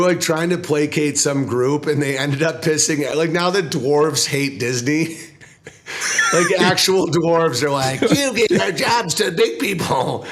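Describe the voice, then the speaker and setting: A male comedian guest telling profane, animated stories in casual interview chat, laughing often. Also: on the high side.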